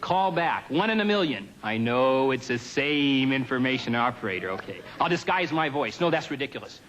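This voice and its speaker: A man doing a stand-up comedy routine on a television studio stage, with a dry, deadpan observational delivery and offhand asides. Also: mid-range voice, normal speed, low-quality recording.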